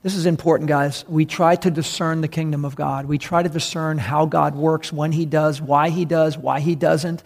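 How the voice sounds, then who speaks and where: A man's voice: on the high side, flat delivery, moderate pace, vocal fry, few pauses, a little mellow, in a large hall. A male pastor preaching a sermon in a conversational, emphatic way, often addressing the congregation directly.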